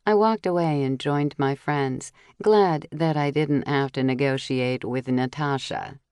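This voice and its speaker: A woman reading a first-person mystery audiobook, telling the story steadily and clearly while voicing the dialogue. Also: rumbling low, unhurried, darkish tone, dry recording, studio quality. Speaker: audiobook narrator.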